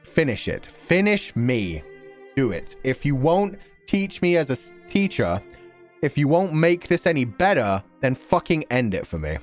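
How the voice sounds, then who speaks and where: A man's voice: mid-range voice, very animated, measured pace. A man voicing a tormented young male villain who begs his teacher to end him, in a raw, pleading, profane way, with faint music behind. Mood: anguished.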